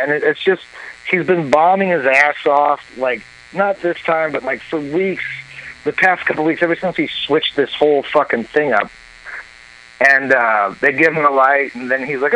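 A man telling a long comic story on a talk show, animated and profane, acting out what others said. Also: on the high side, unhurried, dull audio, a little hiss or hum. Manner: animated, profane, acts out quoted voices. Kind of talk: casual storytelling.

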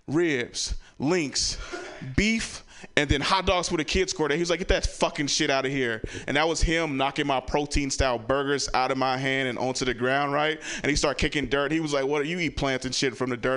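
A man performing a stand-up comedy set, telling stories and acting out the people in them. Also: smooth. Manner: storytelling, acts out relatives with loud high voices.

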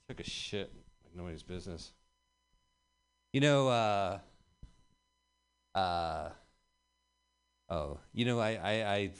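A man performing a stand-up comedy set in a small performance space, rambling and deadpan with sudden louder punchlines. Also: low voice. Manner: deadpan rambling delivery with bursts of loud punchlines. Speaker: stand-up comic. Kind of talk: stand-up set at open mic.

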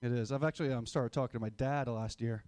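A man's voice: medium pitch, fairly even intonation, quick pace, darkish tone, dry recording, studio quality. A man in his twenties doing a stand-up comedy set, crude, rambling and self-mocking. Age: 20s. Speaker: stand-up comic.

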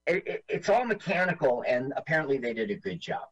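A man with a lively, bouncing delivery and a slightly husky voice, joking his way through a casual movie-watching chat as co-host. His pitch sits a bit high for a man. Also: a little fast, dull audio. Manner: animated, jokey, mimics lines in silly voices. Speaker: podcast co-host.

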